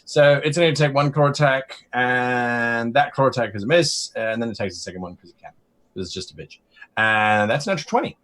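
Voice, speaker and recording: A man running a tabletop game as game master, narrating in a casual, animated way that often trails off into fillers. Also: mid-range voice, fairly quick.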